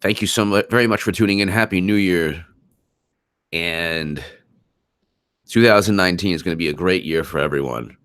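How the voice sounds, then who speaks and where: A man with a low, deep voice runs a political live stream, speaking emphatically and often repeating his points. He stops to answer viewer comments. The sound is dry and close, with no room echo. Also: moderate pace, pauses often, a bit bright, clean tone. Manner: emphatic, repeats himself, reads super chats aloud.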